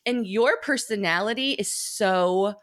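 A woman's voice: mid-range voice, unhurried, fairly bright tone. A woman interviewing a guest in a casual, affirming and reflective way.

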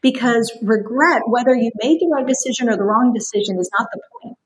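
A woman with a fairly high voice speaks as a guest on a faith podcast. Her talk is impassioned and emphatic, with frequent laughter. Her tone is expressive and sincere. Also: a little fast, rough recording. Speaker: Christian counselor as podcast guest.

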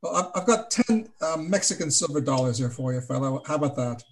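A man's voice: fairly high pitch, expressive, fairly quick. A man playing a tabletop horror game, rambling and hesitant, with many fillers. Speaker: player. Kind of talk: in-character tabletop play.

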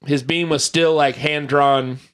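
Chatty, rambling American man, higher-pitched. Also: steady tone, unhurried, a bit bright. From United States. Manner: rambling, lots of fillers and laughter. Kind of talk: casual chat.

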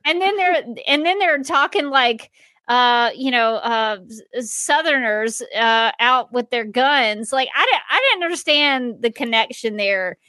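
A woman from the southern United States, co-hosting a casual chat and talking haltingly with lots of "uh" fillers. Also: high voice, animated, pushed and bright, no echo. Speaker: podcast co-host.

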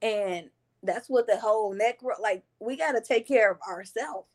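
A woman's voice: on the high side, moderate pace. A woman who is a guest on a podcast, speaking in an earnest, reflective way in a casual conversation.

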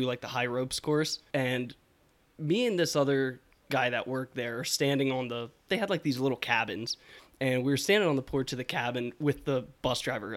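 A man's voice: mid-range voice, fairly bright tone. A young man from telling rambling stories in a casual chat, laughing often. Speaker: podcast co-host.

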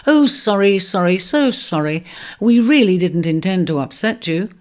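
A storyteller voicing a pair of quick, mischievous forest imps in a high, singsong, taunting voice. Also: animated, lightly acted. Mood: apologetic.

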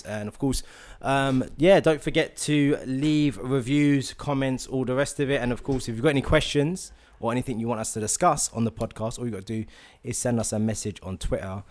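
A man's voice: medium pitch, brisk, hardly any pauses. A man with a London accent hosting a podcast in casual, rambling chat full of fillers. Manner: relaxed, rambling with many fillers. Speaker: podcast host.

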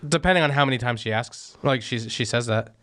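A man's voice: medium pitch, fairly quick. A man co-hosting a radio show, bantering and teasing with a laugh. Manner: teasing, animated, laughs often. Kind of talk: casual banter.

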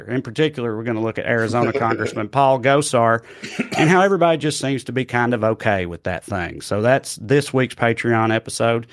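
A man hosts a comedy podcast and runs it as a casual chat. He talks loosely and keeps joking, with plenty of swearing. His pitch sits in the middle.

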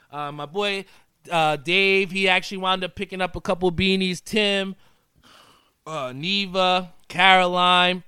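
A laid-back male talk show host with a bright, ringing voice and crisp, clean diction, sitting a touch high for a man. He chats loosely and keeps calling his listeners "man". The sound is dry and close, with no room echo. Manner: laid-back, chatty, says "man" often. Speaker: podcast host. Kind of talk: casual show sign-off with sponsor shout-outs.

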